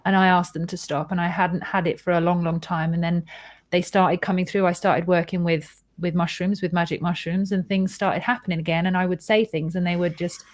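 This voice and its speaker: A woman hosting a casual conversation, telling a personal story in a chatty, animated way with many restarts and acted-out quotes. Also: fairly low pitch, brisk, no echo. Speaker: host.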